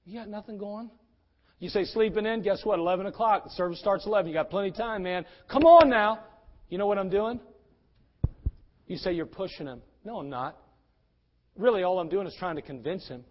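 A man preaching a sermon, moving between loud, urgent exhortation and quiet pleading. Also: high-pitched, expressive, fairly quick, big-room sound, highs cut off.

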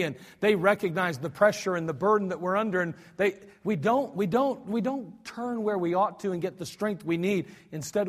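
Male pastor, high-pitched, animated sermon delivery, archived church recording with long reverb. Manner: animated, acts out cries and mock cussing, many restarts. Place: church sanctuary.

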